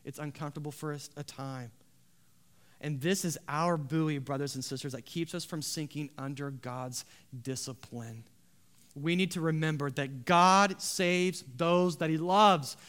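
A man preaching a sermon, building to loud emphatic swells and dropping to quiet, earnest tones. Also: a little high, unhurried. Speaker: pastor.

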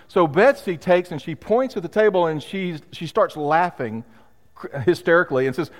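A male pastor preaching a sermon in a conversational, emphatic way, with pauses for weight. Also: a little high. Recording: long hall reverb.

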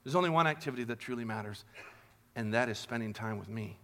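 A man voicing a gentle, loving male teacher who speaks softly and tenderly in a sermon retelling. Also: mid-range voice, a little hiss or hum, voice pushed down, lightly acted. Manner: soft, slow and tender.

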